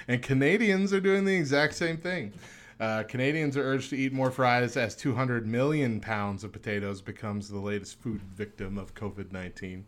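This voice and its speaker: A man's voice: medium pitch, moderate pace. A man hosting a casual morning show, reading off news bits with jokes and frequent laughs. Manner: joking, laughs often. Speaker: host.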